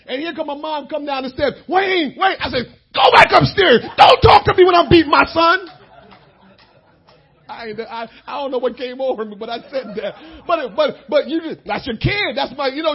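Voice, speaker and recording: A middle-aged male pastor preaching a sermon, with shouted bursts and laughing asides. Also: very high-pitched, breathy edge, muffled recording.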